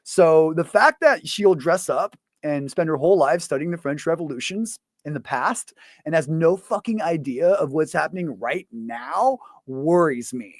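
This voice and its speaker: Male host, fairly high voice, dry close sound, loose profane rant, lots of fillers. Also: expressive, unhurried, no echo. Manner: profane, rambling, full of fillers. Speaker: show host. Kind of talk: casual ranting monologue.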